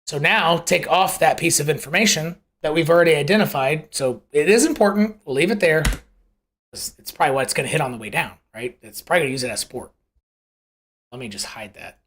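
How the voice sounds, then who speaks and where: A live show host rambles casually through commentary on price charts in a mid-range, slightly bright voice at a somewhat fast clip. They keep correcting themselves mid-sentence, lean on homely analogies, and pose rhetorical questions.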